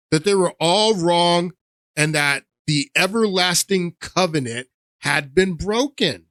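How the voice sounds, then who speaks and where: A man's voice: a little high, fairly bright tone, no room sound, clean studio sound. A man hosting his own podcast, giving emphatic, repetitive opinion commentary with many restarts. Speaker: podcast host.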